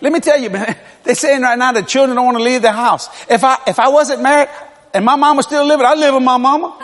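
A man in his sixties gives a humorous, storytelling sermon in a very high-pitched, fast voice. He is animated and folksy and often laughs through his stories, which trail off into a long reverb.

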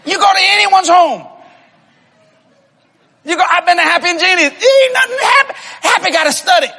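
A man preaching a humorous sermon to a congregation, telling comic stories, laughing and often shouting. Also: extremely high pitch, normal speed, creaky, big-room sound. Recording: live audience laughter and room noise.

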